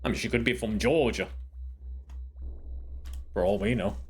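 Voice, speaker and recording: A man's voice: fairly low pitch, moderate pace, slightly rough. A man streaming a video game, chatting and joking with rambling asides as he plays. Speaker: gameplay streamer. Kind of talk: casual gameplay commentary.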